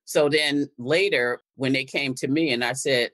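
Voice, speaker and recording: An older activist from Connecticut, here as a guest, speaks unhurriedly in a rumbling low, fairly bright voice. She recounts what happened in conversation and re-enacts the quoted exchanges.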